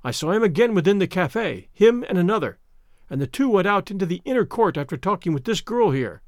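A man's voice: high voice, animated, a little fast, no echo. A loyal, watchful servant from an old adventure storybook, read by a man. He speaks urgently, and the reading sounds dry and close.

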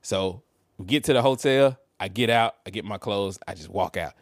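A man's voice: lowish voice, moderate pace, no room sound, studio quality. A man, co-hosting a podcast and telling a casual story, laughing and acting out what people said. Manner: animated, laughing, acts out quotes. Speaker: podcast co-host.

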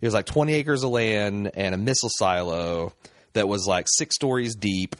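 A man's voice: fairly low pitch, moderate pace, no echo, clean studio sound. A man co-hosting a podcast, chatting casually in a rambling way full of fillers. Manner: rambling, frequent fillers and laughs. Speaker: podcast co-host.

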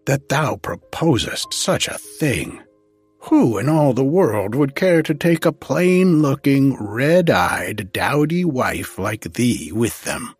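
A harsh old fairy woman with a cold, merciless voice, sneering and unhurried, as a male storyteller puts her on. Her tone is low and husky, spoken slowly. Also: expressive, fairly bright tone, soft background music, exaggerated voice. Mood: contemptuous. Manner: contemptuous, merciless.

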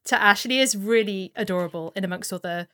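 A woman's voice: medium pitch, fairly quick, bright, forceful tone. A woman co-hosting a casual podcast, talking loosely with lots of fillers and swearing. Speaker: podcast co-host.

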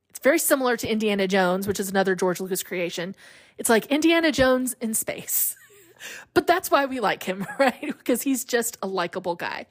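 A woman hosting a podcast, talking casually on her own, chatty and often laughing. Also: mid-range voice. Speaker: podcast host. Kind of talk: casual solo podcast monologue.

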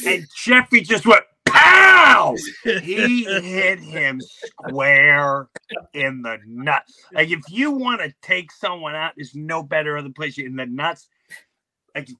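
A man's voice: fairly high pitch, sharp tone, dry recording. A middle-aged man, a podcast host and comedian, telling a childhood story with lots of energy and acted-out sound effects. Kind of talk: animated storytelling chat.

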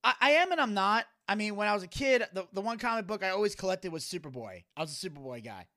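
A man's voice: high voice, fast talker. A man co-hosting a podcast, chatting casually and acting out voices as he retells a funny video, laughing often. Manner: animated storyteller, acts out voices while retelling. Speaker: podcast co-host. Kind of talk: casual chat.

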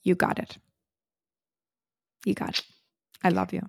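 A woman co-hosting a casual family podcast, telling stories in a chatty, animated way. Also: measured pace, dry recording, studio quality. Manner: chatty storyteller, animated retelling. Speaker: podcast co-host, mother. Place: New York City.

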